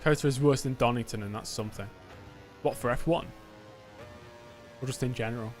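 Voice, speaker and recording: A man's voice: mid-range voice, a little fast, faint music behind. A man from England chatting casually while he streams a racing game, with joking asides. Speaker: gaming streamer. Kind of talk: casual gameplay commentary.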